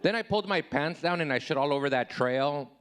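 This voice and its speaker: A man's voice: brisk, smooth. Self-deprecating man doing stand-up. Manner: self-deprecating, swings high and loud when acting out his own replies. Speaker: stand-up comedian. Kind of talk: live stand-up comedy set.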